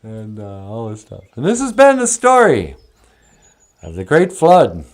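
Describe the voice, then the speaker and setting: A man hosting and telling traditional stories in a slow, musing, casual way, laughing often. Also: mid-range voice, wildly swooping pitch. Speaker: storyteller and host. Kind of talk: casual storytelling.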